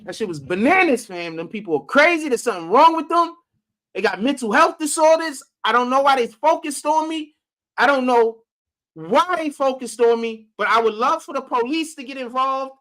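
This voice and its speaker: A woman with a fairly high voice tells a long story as a casual vlogger. She rambles animatedly, full of slang and swearing. She keeps checking in with "you know what I'm saying" asides. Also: fairly bright tone.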